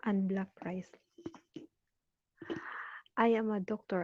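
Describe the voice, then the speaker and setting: A woman's voice: medium pitch, unhurried, pauses often, husky, dry recording. A woman from the Philippines hosting a casual live stream, reading out viewers' comments and greeting them by name, with frequent laughter. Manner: chatty, laughs often, reads viewer names aloud. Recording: dull lo-fi sound.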